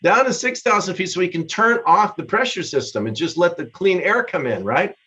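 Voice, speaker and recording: An older man being interviewed as a guest musician, telling a story in a lively way and laughing mid-sentence. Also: sits high, brisk. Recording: dull lo-fi sound.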